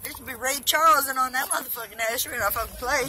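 A woman's voice: high-pitched, very fast, pushed and bright, slight background noise, poor audio. A drunk young woman vlogging outdoors on her phone, rambling and swearing with loose banter. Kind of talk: casual rambling selfie vlog. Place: outdoors by a busy road.

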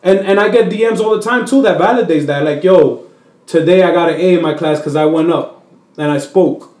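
Man from the Dominican Republic, comedian, high voice, bilingual chat, animated storytelling, echoey room. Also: fairly quick. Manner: switches between English and Spanish; animated, puts on voices while telling stories. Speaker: comedian guest. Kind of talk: casual interview chat.

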